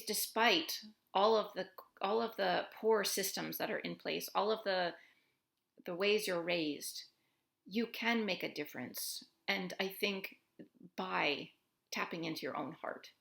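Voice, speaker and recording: A young American expat vlogger talks earnestly and emotionally to her camera in a personal monologue, saying "like" constantly. Her lowish voice is bright and forward with vocal fry, and the room echoes noticeably.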